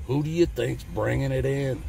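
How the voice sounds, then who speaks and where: Gravelly fired-up Southern man ranting. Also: medium pitch, normal speed, warm tone. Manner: blunt, folksy, fired-up ranting with cussing. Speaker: channel host. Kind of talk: ranting opinion monologue to camera.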